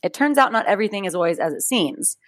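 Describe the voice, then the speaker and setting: Chatty asides and regular laughs punctuate a true-crime story this podcast co-host reads from her notes. She talks fast in an expressive, mid-range voice, with no echo at all.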